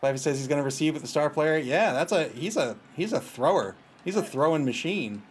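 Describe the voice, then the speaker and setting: A man gives casual commentary on a match he's playing, trash-talking his opponent, laughing, and joking with chat. He sounds a little high and expressive, speaking fairly quickly with few pauses, over a faint hiss or hum.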